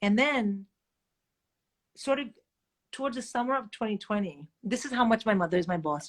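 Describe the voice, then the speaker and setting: A middle-aged woman tells candid stories with animated, blunt energy. Her voice sits at an ordinary middle pitch, and she swears freely as she jumps between voices. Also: normal speed, pauses often. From India. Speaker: guest comedian. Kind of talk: candid storytelling chat.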